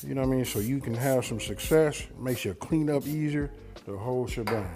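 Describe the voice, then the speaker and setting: A man's voice: mid-range voice, a little fast, mellow, soft background music. A man hosting a home cooking channel, talking through a recipe in a folksy, chatty way and often asking "you know what I mean?". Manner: eats while talking at times. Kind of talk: casual cooking demonstration. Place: home kitchen.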